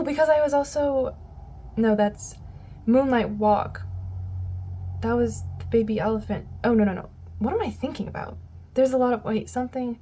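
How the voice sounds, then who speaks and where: A woman with a fairly high, mellow voice talks her viewers through a tarot reading in a loose, chatty way. She wanders off mid-thought, circles back, and fills the gaps with soft asides. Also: breathy edge. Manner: rambling, loses her train of thought, addresses viewers as "guys". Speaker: tarot reader.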